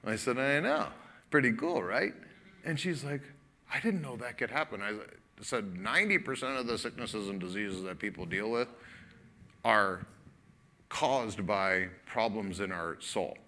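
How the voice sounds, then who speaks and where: Animated storytelling male pastor. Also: on the low side, a little slow. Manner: animated storytelling, acts out dialogue; casual, conversational preaching with fillers. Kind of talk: sermon storytelling.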